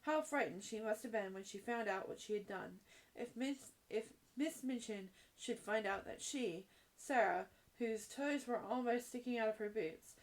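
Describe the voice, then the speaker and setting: A woman reading a children's classic aloud chapter by chapter, in a gentle storytelling manner. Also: a little high, moderate pace. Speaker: audiobook reader.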